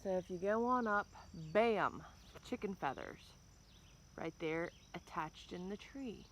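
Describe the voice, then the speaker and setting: A woman's voice: medium pitch, expressive, slow, a bit bright, a little hiss or hum. A woman vlogging outdoors by her chicken pen near the woods, talking casually and angrily with some swearing, filmed on a handheld phone. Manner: angry and upset, swears, keeps saying "bam". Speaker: farm vlogger. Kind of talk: casual walk-and-talk vlog.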